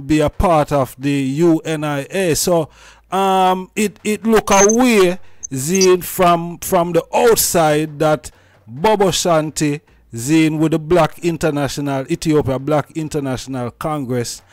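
Slow, halting male interviewer. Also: a little high, dry recording. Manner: halting, many "um"s and restarts. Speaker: interviewer, host. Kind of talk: interview questions.

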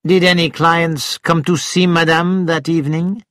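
A man voicing a calm middle-aged French police inspector, questioning a witness in a measured way. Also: a little high, no echo, studio quality. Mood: probing.

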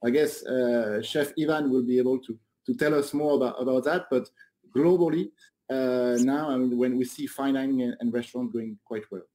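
A man guest in a radio interview, answering with many pauses and restarts. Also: medium pitch, steady tone, dark tone. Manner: hesitant, many fillers and restarts. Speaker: guest, guide director.

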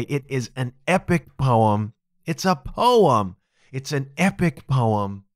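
A man's voice: mid-range voice, dry recording, clean studio sound. A man hosting a podcast, explaining a topic in a casual, emphatic solo talk. He keeps checking in with "okay?" and chuckles at his own asides. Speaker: podcast host.

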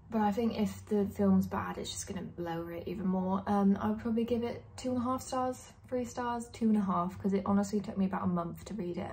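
A woman's voice: mid-range voice, fairly even intonation, brisk, few pauses, dark tone. A young woman in her twenties, a vlogger giving casual, candid book opinions with plenty of "like" and "um". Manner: chatty, candid, lots of likes and ums. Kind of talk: casual chat.

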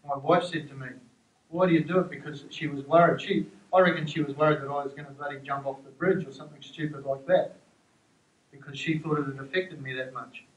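A man speaks earnestly to his team in a slightly raised voice, slowing down to ask rhetorical questions. The archival recording is dull and muffled, with a roomy echo. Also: fairly high pitch, steady tone, fairly bright tone. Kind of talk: archival speech.

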